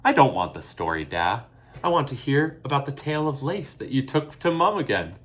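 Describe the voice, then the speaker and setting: A man voicing a frightened, tearful little girl who pleads and cries out in high, shrill tones. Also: normal speed, creaky. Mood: pleading.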